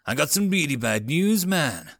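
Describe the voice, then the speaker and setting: A man's voice: on the high side, very animated, moderate pace, vocal fry, fairly bright tone, no room sound, voice pushed up, exaggerated voice. A jittery young sailor who brews his own vodka and panics at bad news, as a man voices him in an audiobook. He talks raised and urgent, voice jumping around, dry and close. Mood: nervous. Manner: nervous, urgent. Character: panicky male petty officer, sneaky moonshiner.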